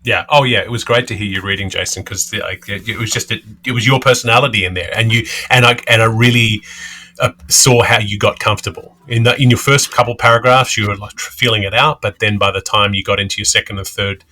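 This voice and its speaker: A man's voice: on the low side, fairly even intonation, fast talker, sharp tone. A middle-aged man co-hosting a podcast, talking in a chatty way with frequent restarts. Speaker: podcast co-host. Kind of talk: casual podcast discussion.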